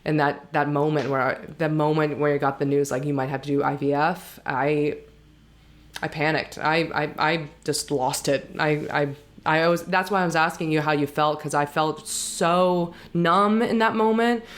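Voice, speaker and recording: A woman co-hosting a podcast, speaking reflectively and haltingly about a personal experience. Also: low-pitched, steady tone. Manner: reflective, halting, with many restarts. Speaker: podcast co-host. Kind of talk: candid personal conversation.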